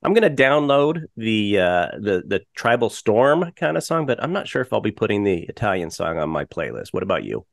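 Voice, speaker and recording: A man's voice: on the low side, big pitch swings, a little fast, gravelly, hardly any pauses, no echo. A man co-hosting a podcast, recapping a radio show in a rambling, chatty way. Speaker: podcast co-host. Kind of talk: casual recap chat.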